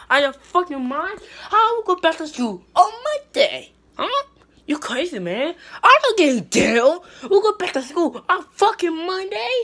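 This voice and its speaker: A woman performing a comedic skit, profane and excitable, swinging from mutters to shouts. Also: high-pitched, measured pace.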